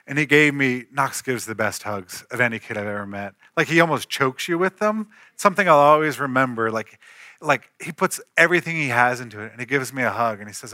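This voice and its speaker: A man's voice: mid-range voice, fairly quick, bright, forceful tone, dry recording, clean studio sound. A man in his thirties, a pastor, preaching an earnest storytelling sermon that rises to emphatic peaks.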